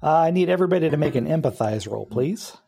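A man narrating a tabletop game as game master, relaxed and hesitant with many fillers. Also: fairly high pitch, fast, creaky.

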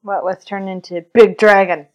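A woman in casual chat, relaxed, giving short replies and wry asides. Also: medium pitch, normal speed, muffled recording.

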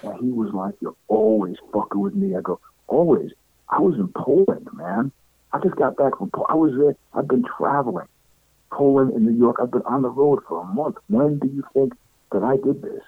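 A man's voice: on the high side, expressive, normal speed, vocal fry, breathy edge, dry recording. A middle-aged man telling stories in a casual interview, acting out what other people said and laughing often. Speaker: interview guest. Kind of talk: casual storytelling. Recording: tinny phone-like line, dry.

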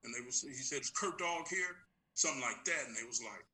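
A middle-aged man tells stories in a relaxed interview. His tone is very bright and clear. He acts out the voices of the people in his stories with real animation. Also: medium pitch, brisk, low-quality recording. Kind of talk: casual storytelling conversation.

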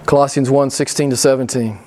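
A middle-aged man preaching a sermon, swinging between loud emphatic lines and hushed, whispered asides. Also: mid-range voice, steady tone, brisk, a little hiss or hum. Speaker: pastor.

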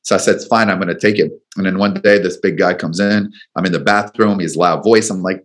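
Male guest coach, lowish voice, lively storyteller who stumbles over repeated words. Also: quick pace, hardly any pauses. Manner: animated, repeats words while telling stories. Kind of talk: storytelling in an interview.

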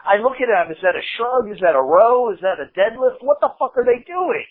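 A man's voice: very high-pitched, big pitch swings, brisk, husky. A man in casual chat, profane and indignant. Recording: tinny phone-like audio.

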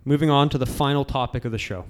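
A man's voice: medium pitch, quick pace, smooth. A man hosting a casual sports podcast, talking loosely with frequent restarts. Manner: loose, rambling, restarts and laughs. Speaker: podcast host.

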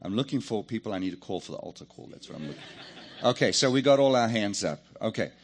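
A pastor with a fairly low voice talks fast while preaching a lively sermon, cracking jokes and calling on the congregation to answer back.

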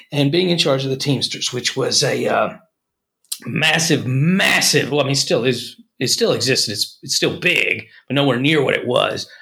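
A man's voice: medium pitch, gravelly, fairly bright tone. A man co-hosting a podcast, telling stories and jokes in a rambling, casual way. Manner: rambling storyteller, frequent restarts. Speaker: podcast co-host. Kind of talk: casual chat, storytelling.

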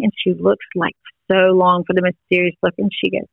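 A woman's voice: steady tone, fairly quick, gravelly, hardly any pauses, dry recording. An older woman, a podcast guest telling family stories in a casual chat. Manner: warm storytelling with playful high quoted voices. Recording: tinny phone-like sound.

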